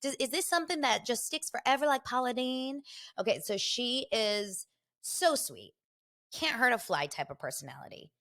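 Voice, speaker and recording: A woman's voice: a little high, expressive, moderate pace, a bit bright. A middle-aged woman hosting a casual solo podcast, chatty and gossipy, often slipping into quoted voices. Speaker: podcast host.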